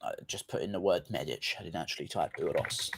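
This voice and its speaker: A man's voice: sits low, quick pace, gravelly, husky. A man hosting a casual livestream, reading viewer comments in a loose, offhand manner and swearing freely. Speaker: livestream host.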